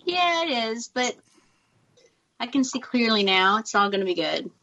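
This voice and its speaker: Chatty Southern Californian woman, a bit high. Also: sing-song, normal speed, sharp tone, dull audio. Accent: Southern Californian American. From Long Beach, California. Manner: chatty, laughing often, frank. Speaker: guest actress. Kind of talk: casual chat. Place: home, with children nearby.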